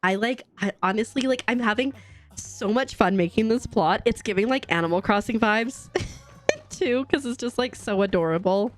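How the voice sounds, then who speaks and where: A woman's voice: on the high side, normal speed. A woman streaming a game live, chatting casually, laughing often and greeting her chat viewers. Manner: bubbly, giggly, greets chat viewers warmly.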